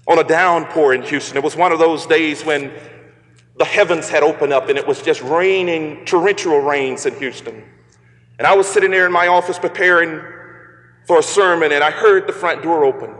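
A male pastor delivering a sermon with slow, emphatic phrasing that rises into exclamations. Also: fairly high pitch, a bit bright, big-room sound.

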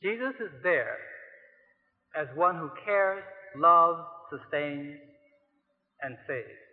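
A man preaching a sermon who swings between soft asides and loud, emphatic outbursts and asks his listeners direct questions. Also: fairly high pitch, takes it slowly. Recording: tinny phone-like sound in a long-reverb hall.

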